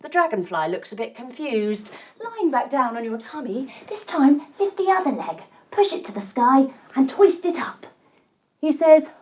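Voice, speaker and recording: A young woman teaching a storytelling yoga lesson for children, playful and animated, adding buzzing sound effects. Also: sits high, normal speed, husky. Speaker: kids' yoga instructor.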